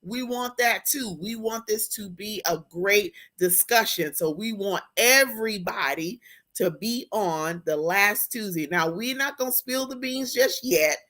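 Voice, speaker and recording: A woman hosting a live-stream talk show, effusive and excitable, with a churchy way of talking. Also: mid-range voice, measured pace. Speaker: host.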